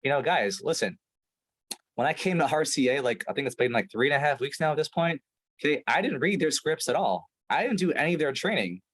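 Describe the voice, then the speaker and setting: A man's voice: a little high, expressive, a little fast, fairly bright tone, breathy edge, low-quality recording. A man coaching a sales team over a video call, talking emphatically with lots of "right?" and "like". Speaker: sales trainer.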